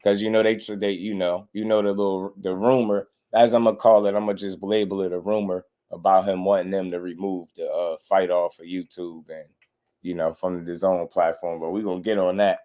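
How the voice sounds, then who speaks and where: A young man hosting a casual boxing livestream, animated and slangy, laughing often and mimicking people. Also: deep voice, brisk. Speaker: boxing commentary host.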